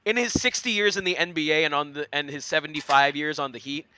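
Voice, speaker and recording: A man's voice: fairly high pitch, pushed and bright, clear, resonant tone. A man co-hosting a casual sports podcast, teasing the others and laughing often. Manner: joking, teasing, quick to laugh. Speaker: podcast co-host.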